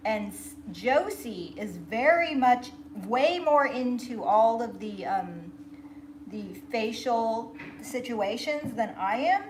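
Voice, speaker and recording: A woman's voice: a little high, expressive, takes it slowly. Woman, craft show host, casual chatter, laughs a lot, noisy background. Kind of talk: casual chat while crafting.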